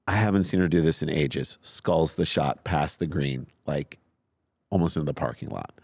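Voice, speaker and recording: A man co-hosting a podcast, telling a story in a casual, animated, self-mocking way. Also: a bass voice, moderate pace, creaky, husky, no echo. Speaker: podcast co-host.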